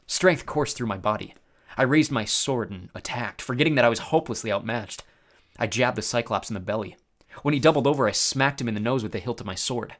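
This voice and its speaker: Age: adult. Sex: man. Style: expressive storybook narration, pitch that moves a lot, middle register. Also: a little fast. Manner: expressive first-person reading.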